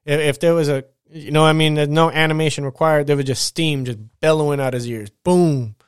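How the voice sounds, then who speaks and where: A man's voice: on the high side, brisk, clear, resonant tone, dry recording, clean studio sound. A man hosting his podcast at home, telling a work story in a casual, rambling and profane way. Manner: rambling, profane, animated retelling. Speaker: podcast host. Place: at home getting ready for bed.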